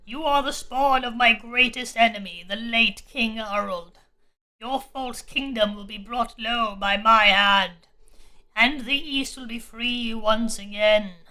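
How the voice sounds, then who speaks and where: A woman voicing a vengeful fire demon, the cursed ghost of a dead king, speaking slowly and gravely. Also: on the high side, sharp tone, pitched below the performer's own voice, low-quality recording. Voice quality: slow, grave, solemn.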